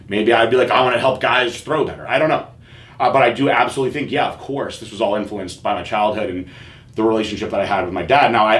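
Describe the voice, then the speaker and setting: A man hosting a podcast in casual chat, telling candid stories with profanity and animated quoting. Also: lowish voice. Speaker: podcast host. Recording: echoey room with faint noise.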